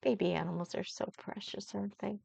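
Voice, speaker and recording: An older woman reading gently to young children, coaxing them with questions in a slow, sing-song manner. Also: mid-range voice, fairly even intonation, gravelly, slightly rough, no echo. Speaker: children's storyteller. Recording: dull lo-fi sound.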